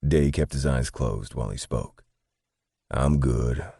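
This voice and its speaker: Male audiobook narrator, very low and dark voice, slightly husky, dry close sound. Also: normal speed, dry recording. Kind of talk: scripted narration.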